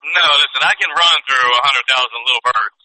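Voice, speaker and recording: A man's voice: mid-range voice, brisk, pushed and bright, no room sound, low-quality recording. A man co-hosting a podcast with an American accent, joking through casual banter in a playful, mock-serious way. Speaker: podcast co-host.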